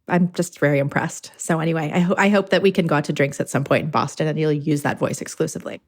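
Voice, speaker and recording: A woman director speaking as a podcast guest, reflective and articulate, her pace shifting as she works through her thoughts. Her voice is notably low for a woman. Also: fairly even intonation, fast. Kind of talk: conversational interview.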